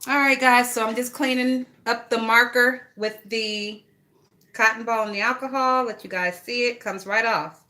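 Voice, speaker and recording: A woman's voice: fairly high pitch, fairly even intonation, a little slow, sharp tone. A woman chatting casually and gossiping bluntly, with a lot of swearing, while she works on a craft project. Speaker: vlogger.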